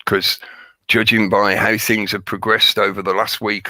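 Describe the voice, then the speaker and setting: A man hosting a live stream, his voice hoarse and crackly as he chats and jokes with viewers by name. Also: on the low side, sharp tone, dry recording. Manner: chatty, joking, greets viewers by name. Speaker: livestream host. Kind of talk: rambling live-stream chat.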